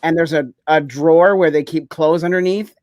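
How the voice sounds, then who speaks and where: A man's voice: a little high, fairly even intonation, moderate pace, darkish tone, no echo. A man co-hosting a podcast, telling a story in casual chat with rambling phrasing. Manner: rambling, many "like" fillers. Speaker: podcast co-host.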